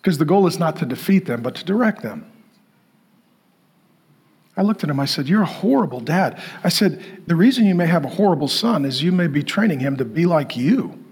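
A man's voice: on the high side, brisk, breathy edge. A man preaching a sermon to a congregation, telling a story and acting out the people in it. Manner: animated, acts out quoted voices. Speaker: pastor.

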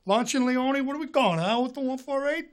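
A man impersonating a gruff, menacing tough-guy movie star who keeps asking "huh?". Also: fast talker. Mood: teasing. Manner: low, growling, repeats "huh?".

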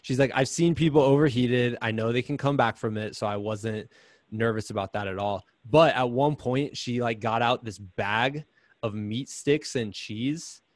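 Man guest, chatty storyteller, dry close sound, mid pitch. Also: normal speed, no echo. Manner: chatty, animated, lots of "like". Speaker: podcast guest, runner. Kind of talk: casual storytelling.

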